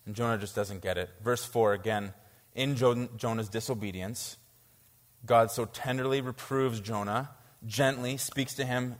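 Preacher, man, lively and incredulous, delivering a sermon in a church with long hall reverb. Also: lowish voice. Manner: animated, reads scripture aloud and reacts with incredulity.

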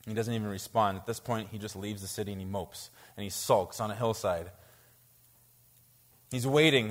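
A man preaching a sermon to a congregation, reading scripture aloud and reacting to it with animated disbelief. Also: lowish voice, normal speed, long reverb tail. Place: church.

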